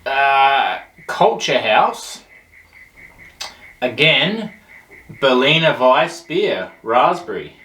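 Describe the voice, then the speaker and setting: A man reviews beers in a casual, rambling way and cracks jokes as he goes. His voice sits at an ordinary pitch. The recording is echoey, and he sits a little away from the mic. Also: sing-song, drawn-out words, long pauses, bright, forceful tone, far from the mic. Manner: chatty, rambling, jokey. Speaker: host of a beer review show. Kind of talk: casual beer tasting review. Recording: roomy echo, voice off-mic.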